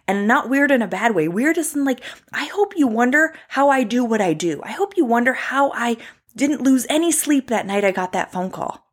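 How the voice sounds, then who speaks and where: A woman's voice: fairly high pitch, animated, normal speed. A woman in her thirties, a traveling ultrasound tech, talking straight to her viewers in a personal vlog, impassioned and emphatic.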